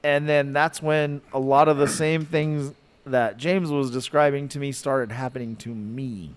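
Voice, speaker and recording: A man telling a podcast story in an animated, rambling way, full of fillers and likes. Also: mid-range voice, unhurried, smooth. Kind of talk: casual storytelling.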